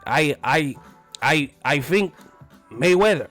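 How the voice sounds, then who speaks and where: A man's voice: a little high, animated, slow pace, fairly bright tone, faint music behind. A man doing a stammering shy boxer. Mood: hesitant. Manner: stammering, hesitant.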